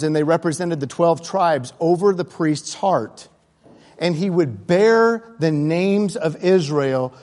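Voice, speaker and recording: A man's voice: on the high side, darkish tone. A man preaching a sermon in a conversational, earnest way, with asides and restarts. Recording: long hall reverb.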